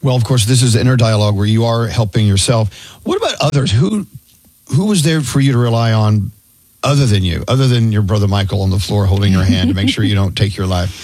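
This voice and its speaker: Male host, animated pitch, dry studio sound, probing and playful. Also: fast talker, no room sound. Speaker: interview host. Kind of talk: talk show interview.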